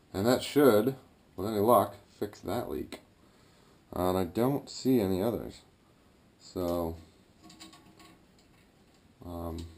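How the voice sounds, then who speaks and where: A man talking casually as he works on his home boiler, thinking aloud with fillers and throat clearing. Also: fairly low pitch, a little mellow. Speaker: DIY builder vlogging his project. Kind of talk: casual talk-through while working. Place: garage boiler room, indoors. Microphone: action camera.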